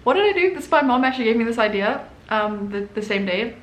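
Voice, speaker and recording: Brief: animated woman host, fairly high voice, echoey room, telling a story casually. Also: fairly quick, noisy background. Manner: animated, acts out quotes. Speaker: artist and channel host.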